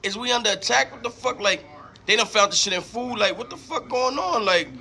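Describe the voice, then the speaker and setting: A man with a high voice and a sharp, bright edge tells a story in a casual podcast chat. He swears freely and jumps into the voices of the people in the story. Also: brisk, faint music behind. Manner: animated, acts out quoted people. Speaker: podcast co-host.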